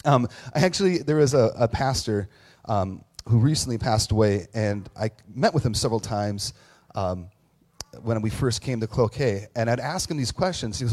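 Guy pastor giving a chatty sermon, candid, pokes fun at himself, lots of ums and restarts, mid pitch. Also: expressive, moderate pace, a little mellow. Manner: candid, self-deprecating, storytelling with many fillers and restarts. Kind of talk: conversational sermon. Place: church with online audience.

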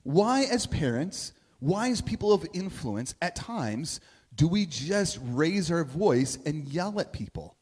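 A man's voice: a little high, very animated, slow, darkish tone, breathy edge. A middle-aged man giving a sermon as a pastor, telling stories in a conversational way and asking "right?" often. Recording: long reverb of a big hall.

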